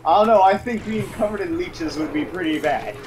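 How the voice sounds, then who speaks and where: A man with a fairly high, very animated voice joking and ribbing his friend during a gaming session. His voice has a teasing edge. A noisy home mic adds steady hiss under him. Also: fairly quick. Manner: teasing, laughs often. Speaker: podcast co-host. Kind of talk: casual banter.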